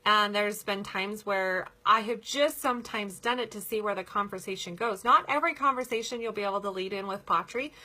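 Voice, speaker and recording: Upbeat woman with a bright, tense voice. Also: medium pitch, brisk, few pauses. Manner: upbeat and chatty, often laughing, with many fillers. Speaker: pet products sales team leader giving a training talk. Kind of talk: casual coaching talk.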